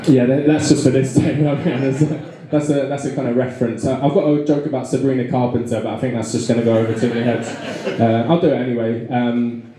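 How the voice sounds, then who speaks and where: A young English man doing live stand-up comedy in a pub venue, with a halting, rambling delivery full of fillers and restarts. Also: medium pitch, flat delivery, a crowd in the background. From England. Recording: very echoey live room.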